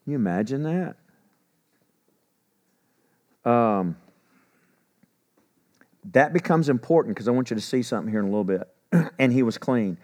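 A man's voice: medium pitch, a little fast, long pauses. A man, teaching Bible passages in a folksy, conversational way and acting out the people in the story. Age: 60s. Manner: folksy, paraphrases scripture in a lively conversational voice.

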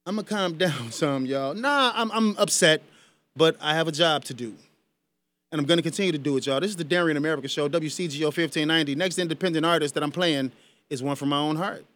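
A man's voice: fairly high pitch, fast talker, a bit bright. A male radio host giving impassioned, emphatic commentary in a studio, speaking directly to his listeners. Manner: emphatic, heated, addresses listeners as y'all.

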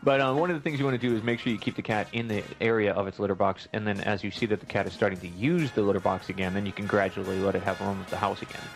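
Male radio host, friendly and practical, quick talker, faint music behind. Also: lowish voice, fairly even intonation, creaky. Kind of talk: call-in advice.

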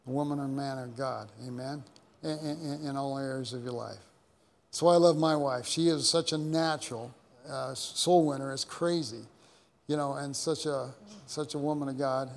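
A man's voice: medium pitch, vocal fry. A man preaching a sermon as pastor, telling stories in a rambling way with many repeated words and restarts. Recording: long hall reverb.

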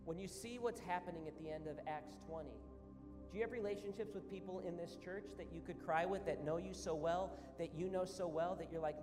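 Earnest pastor preaching in a reverberant hall. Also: male voice, sits high, brisk. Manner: earnest, builds in intensity, conversational asides. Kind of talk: sermon. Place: church sanctuary. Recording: reverberant church hall with music.

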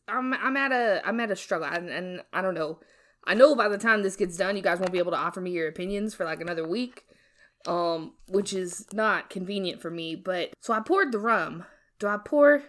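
A woman's voice: mid-range voice, a bit bright. A woman hosting her podcast alone while drunk, rambling, laughing and trailing off between thoughts. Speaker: podcast host. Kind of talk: casual solo review chat. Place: home, seated.

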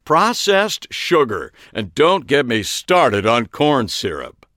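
A man's voice: medium pitch, sing-song, slow pace, fairly bright tone, no room sound, studio quality, voice pushed up. A man voicing a girlish, sly woman harpist who gushes and drawls her words. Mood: preachy.

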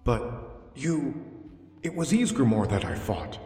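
A man's voice: very animated, slow pace, mellow, roomy sound, in a large hall. A man voicing a grieving elf warrior crying out in desperate, rising tones. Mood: panicked. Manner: high, desperate cries.

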